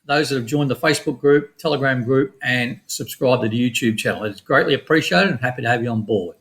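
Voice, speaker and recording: Middle-aged Australian man, gravelly mid-pitched voice, relaxed and rapid trading-lesson patter. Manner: quick, casual, matter-of-fact with slang. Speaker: forex trading educator. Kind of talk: screen-share chart walkthrough.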